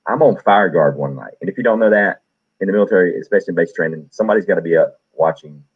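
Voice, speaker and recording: A man hosting a stream, casually telling animated stories and acting out the people he quotes. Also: sits low, rapid-fire, husky, narrow, tinny audio. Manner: animated, acts out quoted voices. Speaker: stream host. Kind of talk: casual storytelling.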